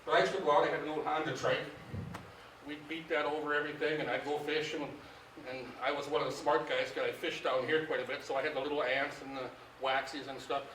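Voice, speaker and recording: A man's voice: a little high, fast, a little hiss or hum. Folksy man telling fishing stories in an echoey hall. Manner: folksy, animated, acts out quoted dialogue. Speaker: fishing guide giving a club talk. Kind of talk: casual storytelling to a club audience. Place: meeting hall. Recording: echoey room, distant mic.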